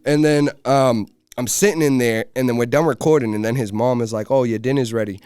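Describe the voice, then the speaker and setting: A young man, a podcast guest, telling a loose, animated story full of swearing and filler "like"s. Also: mid-range voice, fairly quick, clear, resonant tone, no room sound. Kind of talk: casual storytelling.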